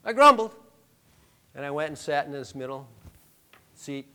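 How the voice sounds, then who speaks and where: A man preaching a sermon, telling a personal story in a conversational, joking way, dropping to soft murmurs and rising to loud emphatic lines. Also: medium pitch, level tone, moderate pace, clear, resonant tone. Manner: conversational, self-deprecating, jokey asides. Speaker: pastor.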